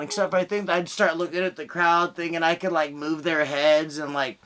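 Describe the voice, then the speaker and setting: A man's voice: high-pitched, steady tone, fairly quick, a bit bright. A young man doing a stand-up set over a video call, rambling through crude stories. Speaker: stand-up comedian.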